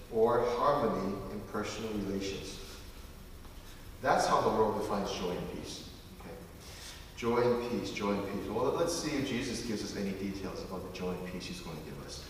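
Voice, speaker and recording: In a big hall, a medium-pitched man preaches a sermon as a pastor, heard from a distance with long, ringing reverb. He reads scripture slowly and then discusses it with his listeners conversationally, over a faint hiss in the recording.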